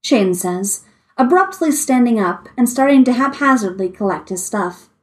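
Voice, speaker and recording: A woman reading fan fiction aloud with expressive storytelling. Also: on the high side, normal speed. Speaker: story reader.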